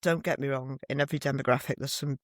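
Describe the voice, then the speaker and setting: Animated middle-aged woman. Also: extremely low pitch, fast talker, dry recording, studio quality. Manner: animated storytelling with blunt swearing. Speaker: podcast co-host. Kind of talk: casual chat. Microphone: desk microphone.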